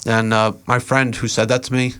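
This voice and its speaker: A young man, a podcast guest, telling stories in a relaxed, rambling way with lots of fillers. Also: mid-range voice, normal speed, smooth. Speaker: podcast guest, event organizer and rapper. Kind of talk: casual interview storytelling.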